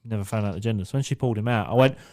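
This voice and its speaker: A man's voice: fairly low pitch, very fast, mellow. A young man on a podcast, telling a story in casual chat, swearing freely and acting out what people said. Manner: swearing, storytelling, acts out quotes. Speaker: podcast co-host.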